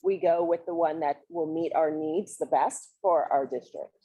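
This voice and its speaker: A woman's voice: low voice, normal speed, mellow, breathy edge, no room sound, highs cut off. A woman explaining a process to colleagues in a meeting, plain and explanatory. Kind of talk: meeting discussion.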